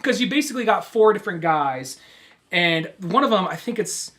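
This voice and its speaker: A man's voice: sits high, expressive, normal speed. A man co-hosting a podcast in casual chat, rambling and swearing as he recounts a movie. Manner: rambling, profane, acts out quoted lines loudly. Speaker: podcast co-host.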